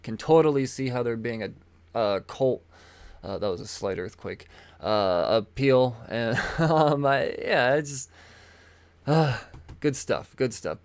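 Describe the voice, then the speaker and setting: A man's voice: medium pitch, lively intonation, a little slow, no room sound. Eager stammering man with a dry close sound. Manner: enthusiastic, rambling, stammers on repeated words, swears casually. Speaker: comic book podcast host. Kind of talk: casual solo talk showing comics.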